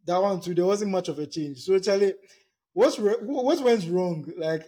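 A man hosts a casual podcast and puts a question to a guest, restarting his words as he goes. His voice sits a little high and sounds mellow and husky. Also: expressive, normal speed. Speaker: podcast host.

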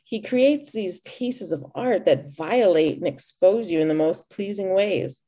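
A showy female club emcee gushes in a sing-song lilt over the crowd, as a woman reader puts her on. The tone stays soft and mellow, never sharp. It is a storybook reading, not a full performance. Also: medium pitch, a little slow, lightly acted. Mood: gushing.

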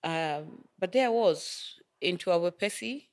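A woman's voice: on the low side, animated, measured pace. A middle-aged woman from Kenya, a guest in an interview, telling stories casually and laughing often. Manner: chatty, laughs often, acts out quoted dialogue.

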